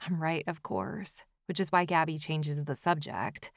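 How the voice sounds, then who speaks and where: A woman narrating a first-person audiobook in a soft, intimate, often half-whispered way. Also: low-pitched, fairly even intonation, slow pace, creaky, no echo, clean studio sound.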